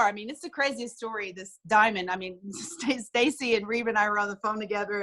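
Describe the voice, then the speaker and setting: A woman telling an emotional personal story over a video call, animated and acting out what people said. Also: medium pitch, a little fast, low-quality recording. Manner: animated, acts out quoted dialogue, frequent restarts. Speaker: guest sharing a success story.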